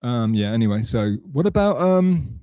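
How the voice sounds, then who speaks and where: A man's voice: mid-range voice, big pitch swings, normal speed, mellow, no echo. A man hosting a livestream, rambling and swearing casually to his chat, often correcting himself mid-sentence. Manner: rambling, profane, self-correcting. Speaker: livestream host.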